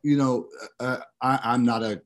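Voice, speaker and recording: A man hosting a podcast in casual chat, with a slight lisp from dental expanders and a halting, rambling way of asking questions. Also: medium pitch, fairly even intonation. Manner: rambling, halting with many restarts. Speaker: podcast host.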